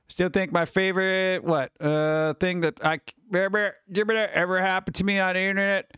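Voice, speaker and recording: A man's voice: fairly high pitch, a bit bright, smooth, no echo. A male streamer in casual, rambling chat, reacting wryly to pictures and to his chat, with a slightly scratchy voice at times.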